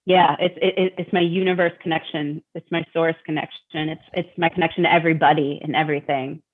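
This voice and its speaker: A fast-talking middle-aged Detroit woman with a low voice and level tone appears as a guest, speaking openly about recovery. She repeats words and acts out her thoughts, recorded with a tinny, phone-like sound.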